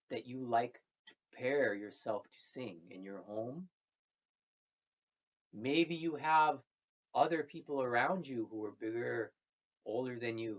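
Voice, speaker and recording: A storyteller speaking slowly and gently, repeating phrases while telling a traditional tale to children. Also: mid-range voice. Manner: slow, gentle and repetitive, with soft trailing phrases. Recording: dull lo-fi recording.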